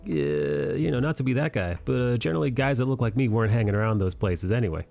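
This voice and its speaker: A man's voice: mid-range voice, expressive, fast talker, vocal fry, darkish tone, muffled recording. A man in a casual stream chat, trading sardonic, profane banter. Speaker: stream guest.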